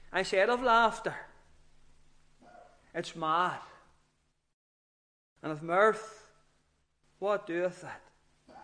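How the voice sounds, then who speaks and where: A man's voice: sits high, a bit bright. A man preaching an earnest, emphatic sermon with rising outbursts.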